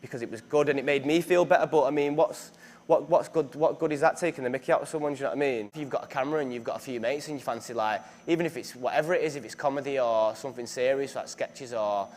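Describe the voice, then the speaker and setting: Being interviewed, a young northern English actor with a mid-range, slightly mellow voice talks fast. He's chatty and pokes fun at himself, and his speech is packed with fillers and restarts.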